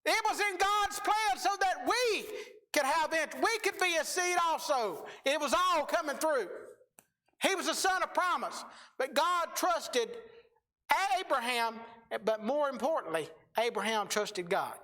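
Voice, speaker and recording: Male preacher, middle-aged, very high pitch, folksy storytelling sermon. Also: lively intonation, pushed and bright. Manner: folksy storytelling preacher, drawn-out emphatic phrases.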